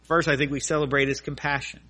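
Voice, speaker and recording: A man's voice: on the high side, level tone, fast, sharp tone. A male pastor preaching a sermon, telling an illustration with earnest, at times fervent emphasis.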